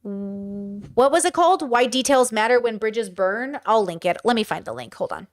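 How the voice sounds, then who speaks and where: A high-pitched woman talks straight to her viewers in loose, casual commentary. She is chatty and blunt and swears without a second thought. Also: expressive, normal speed. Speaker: podcast host reacting to a clip. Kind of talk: casual commentary, reading chat.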